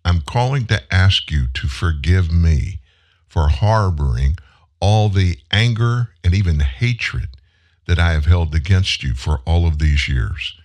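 A man in his seventies with a very low voice that swings widely in pitch. He hosts a show and talks in an earnest, heartfelt way, telling a personal story and pausing for emphasis. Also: expressive, a little mellow. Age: 70s. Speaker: show host. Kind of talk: personal monologue on a live commentary show.

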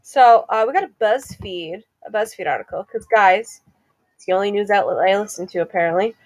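A chatty young woman co-hosting a casual podcast. She talks in an easy, gossipy way at a middle pitch and laughs often. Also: brisk. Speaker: podcast co-host. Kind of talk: casual chat.

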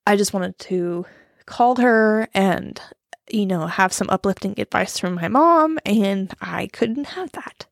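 A woman's voice: medium pitch, lively intonation, slow pace, gravelly, no room sound. A young woman chatting casually and confessionally, rambling and self-deprecating with nervous laughs, and choked up close to tears at times. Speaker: vlogger talking about grief.

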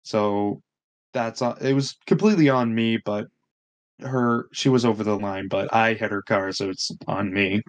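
A man's voice: lowish voice, normal speed. A young man, telling a story on a casual podcast, swearing often and acting out what others said. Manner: animated, swears a lot, acts out quotes. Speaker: podcast co-host.

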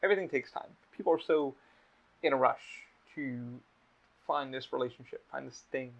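A young man with a mid-range voice and vocal fry speaks at a normal speed as host of a casual podcast. His storytelling rambles and is loaded with swearing, recorded in dull lo-fi quality.

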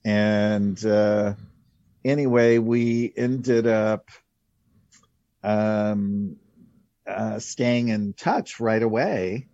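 A man's voice: lowish voice, fairly even intonation, extremely slow, pauses often, warm tone, dry recording. A man in his sixties, a casting director telling rambling stories in a casual interview, with many fillers. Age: 60s. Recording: dull lo-fi, dry.

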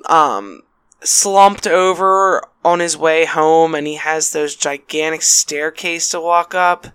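Female podcast co-host, slow easygoing delivery, relaxed film talk. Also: low voice, clear, resonant tone, no echo. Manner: laid-back, laughs often, casual swearing. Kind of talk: casual film discussion.

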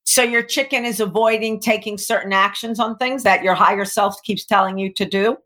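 A middle-aged woman speaking as a guest coach on a podcast, animated and emphatic, often acting out voices. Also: mid-range voice, normal speed. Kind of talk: podcast interview, coaching talk.

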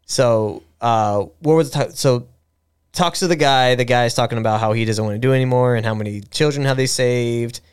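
A man's voice: medium pitch, a little fast, clean tone. A man hosting a podcast, talking in a rambling, stop-start way with lots of restarts as he retells a story. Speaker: podcast host. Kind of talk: casual chat.

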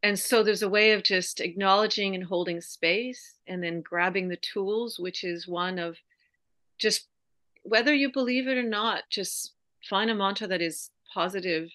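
Woman, yoga teacher, middle-aged, bright tone, earnest, reflective, dry sound. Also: mid-range voice, normal speed, no room sound. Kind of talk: conversational interview.

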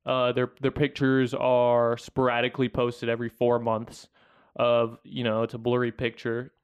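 A man's voice: mid-range voice, monotone, normal speed, clear, resonant tone. A man co-hosting a podcast in casual banter, wry and teasing, prone to rambling asides. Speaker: podcast co-host.

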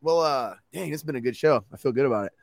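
A man's voice: mid-range voice, lively intonation, fast talker, vocal fry, no room sound. A young man co-hosting a podcast, laid-back and rambling with a lot of "you know.". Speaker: podcast co-host. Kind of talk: casual chat.

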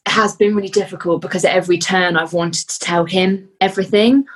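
Brief: young woman guest, somewhat low voice, earnest, halting, heartfelt interview talk. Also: fairly even intonation, slightly rough, poor audio. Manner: earnest and heartfelt, pausing often with "um". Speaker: podcast guest, fitness athlete. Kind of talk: casual interview chat.

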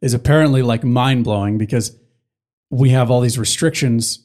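A man's voice: medium pitch, normal speed, darkish tone. A young man co-hosting a podcast, chatting casually, rambling and swearing now and then. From United States. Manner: rambling, loses his train of thought, swears casually. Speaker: podcast co-host. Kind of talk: casual chat.

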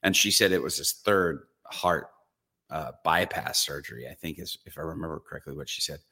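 A man's voice: rumbling low, a little fast, bright, forceful tone, husky. A man, a guest evangelist, telling a story in a podcast interview, acting out his own reactions as he goes.

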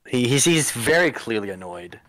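A man's voice: mid-range voice, sing-song, moderate pace, fairly bright tone, no echo, low-quality recording. A man running a tabletop game as game master, narrating the scene in a loose, descriptive way with frequent restarts.

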